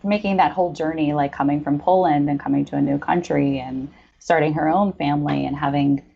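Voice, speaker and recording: Woman, co-host, low voice, enthusiastic casual chat. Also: steady tone, fairly quick, creaky, lo-fi sound, slight background noise. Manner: enthusiastic, rambling.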